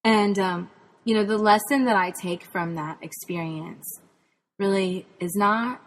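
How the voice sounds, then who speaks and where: A woman's voice: mid-range voice, unhurried, slight background noise. A woman from Texas, a podcast host and spirituality author, earnestly tells a personal faith testimony in a reflective way. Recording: long hall reverb.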